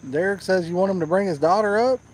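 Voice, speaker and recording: A man's voice: high voice, quick pace, low-quality recording. A man hosting a live fishing stream outdoors at night, reading viewer comments aloud and teasing his co-host. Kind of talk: casual live-stream chat.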